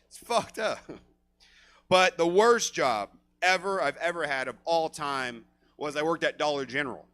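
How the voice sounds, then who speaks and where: Bright, high-voiced male stand-up comic. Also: unhurried, clean tone. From Stockton, California. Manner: profane, energetic crowd work. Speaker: stand-up comedian and emcee. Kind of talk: stand-up set. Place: comedy theater stage.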